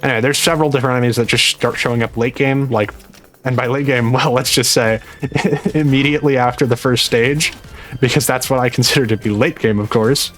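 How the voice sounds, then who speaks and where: A young man talking quietly through a dental retainer while playing a game at home late at night, rambling and mocking himself. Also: mid-range voice, quick pace, faint music behind. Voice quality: slightly muffled speech from a dental retainer. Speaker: gaming YouTuber. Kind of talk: live gameplay commentary.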